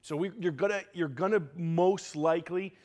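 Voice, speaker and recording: An energetic man gives a conference lecture, with a fairly high voice for a man. He jokes with the audience and keeps his delivery lively as he teaches. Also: moderate pace. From United States. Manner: joking, energetic, talks to the audience. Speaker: security instructor. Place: lecture room.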